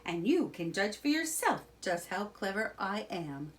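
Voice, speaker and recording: A woman voicing a boastful, excitable male toad in a children's storybook, with wailing, swaggering lines. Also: medium pitch, unhurried.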